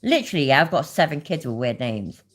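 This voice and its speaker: A woman's voice: low-pitched, very animated, fast talker. A woman giving casual, sweary reaction commentary while reading her chat. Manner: swears a lot, laughs, talks to the chat. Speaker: commentary streamer.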